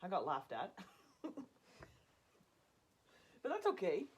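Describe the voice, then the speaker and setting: A woman tells a personal story in a relaxed, chatty way. Her voice sits a little low, and she keeps it animated, laughing often and acting out what others said. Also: slow pace, slightly rough. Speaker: storyteller guest.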